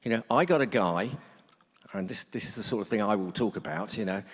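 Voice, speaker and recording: A middle-aged man with a lowish, slightly rough voice talks a little fast as he gives a humorous talk to a workshop audience. He's a blunt, joking storyteller, and the conference hall adds a long reverb.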